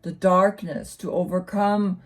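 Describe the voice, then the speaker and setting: A woman's voice: on the low side, steady tone, unhurried. A woman with a German accent giving a casual tarot reading, rambling and often repeating words. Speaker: tarot reader.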